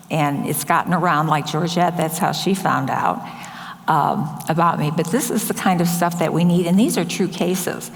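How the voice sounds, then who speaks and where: An older woman, a nurse, telling true stories from her work in a casual, anecdotal way, quoting people as she goes. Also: on the low side. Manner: anecdotal, quotes others in lively voices. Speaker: nurse and speaker. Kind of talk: storytelling talk. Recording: long hall reverb.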